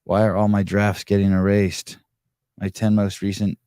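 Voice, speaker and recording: A middle-aged podcast host rambles through a casual live-show monologue, cursing freely whenever frustration hits. His voice is low, slightly mellow and smooth, with fairly even intonation at a normal pace, and there's no room sound.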